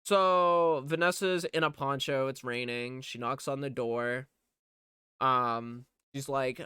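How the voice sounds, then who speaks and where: A man talks through a movie's plot at an unhurried pace, in a voice that is clear and smooth. He rambles, swears freely and leans on fillers as he recaps. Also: medium pitch, steady tone, pushed and bright, no echo, clean studio sound. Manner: rambling, profane, filler-heavy. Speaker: movie reviewer.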